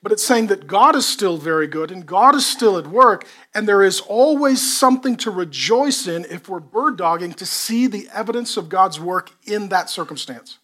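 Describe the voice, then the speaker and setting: A man, a pastor, preaching a sermon in a lively way, with repeated rhetorical questions to the congregation. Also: high-pitched, normal speed, hardly any pauses.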